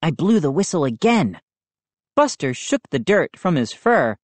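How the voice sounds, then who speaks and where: A woman narrating a children's book aloud in an expressive storytelling manner. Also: sits low, measured pace, dry recording. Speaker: audiobook narrator. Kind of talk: children's book read-aloud with character voices.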